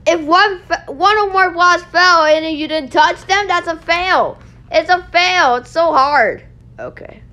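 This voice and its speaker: A woman hosting a casual gameplay video, excitable, yelling and laughing as she plays. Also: very high-pitched, measured pace, dull audio. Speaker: gaming video host.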